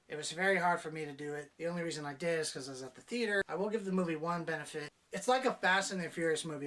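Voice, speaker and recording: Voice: mid-range voice, fairly bright tone, far from the mic. A movie reviewer talking casually, blunt and exasperated, with frequent swearing. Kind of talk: casual spoken film review.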